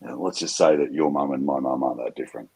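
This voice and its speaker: A deep-voiced man, talking as a guest and sharing personal stories in a candid way. His voice sits very low and has a husky, slightly rough grain. He speaks with open emotion and laughs easily. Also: moderate pace, no room sound. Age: 50s. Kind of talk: candid conversational storytelling.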